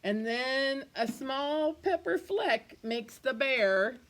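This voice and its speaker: A woman teacher reading a picture book aloud to her young class, taking her time over every line. Her voice sits high and swings widely as she plays up the words, and she breaks off for playful little asides to the children. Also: animated, slow, a bit bright.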